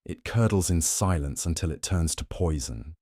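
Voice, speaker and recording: A man voicing a shrewd, fastidious Belgian detective who talks in a courteous, probing way and slips in French phrases. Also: low voice, expressive, warm tone, no room sound, studio quality.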